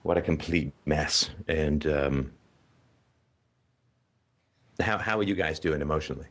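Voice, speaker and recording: A man's voice: extremely low pitch, measured pace. A man hosting a call-in show, asking callers probing questions and breaking in with short checks. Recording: phone call on a talk show.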